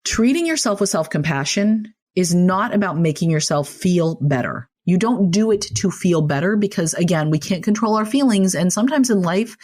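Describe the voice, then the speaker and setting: A woman's voice: medium pitch, darkish tone. A woman speaking as a podcast guest and clinical social worker, talking in an earnest, reassuring, conversational way. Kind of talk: podcast interview.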